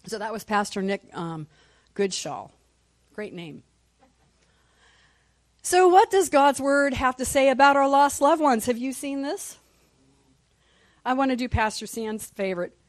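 A woman's voice: high-pitched, no room sound. A woman teaching a Sunday school class in church, passionate and reading scripture aloud.

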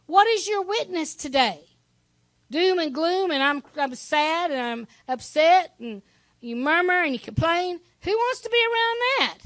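A woman pastor preaching a sermon in a lively, conversational way, with asides to the congregation. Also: very high voice, measured pace, no echo.

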